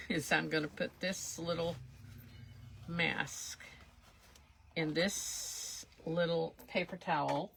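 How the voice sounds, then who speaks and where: A woman talks through a craft project live, rambling casually and poking fun at herself. Her voice sits low with a gravelly fry, and her words come slowly. The tone has a bright, sharp edge. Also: slight background noise. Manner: chatty, rambling, self-deprecating. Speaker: craft livestream host.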